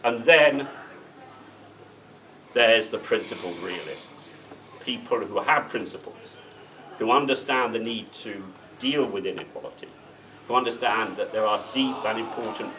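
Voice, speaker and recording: A man's voice: fairly low pitch, moderate pace, long pauses, pushed and bright, recorded from a distance. A middle-aged man addresses a meeting, blunt and wry, dropping sardonic asides between his points. He sounds set back from the microphone, and the sound is dull. A faint hiss sits under his voice. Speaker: guest speaker at a political meeting. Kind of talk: political speech. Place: meeting room.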